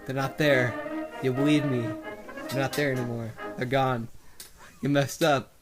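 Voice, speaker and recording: A man's voice: medium pitch, steady tone, measured pace, over music, natural voice. A man voicing a foul-mouthed, menacing talking male car that rants and stammers through threats. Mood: sinister.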